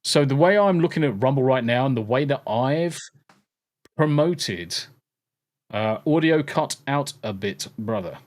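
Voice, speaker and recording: A man's voice: medium pitch, animated, a little slow, a little mellow. A man hosting a casual podcast, rambling through his backlog and swearing freely, with an air conditioner crackling behind him. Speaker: podcast host. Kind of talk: casual chat.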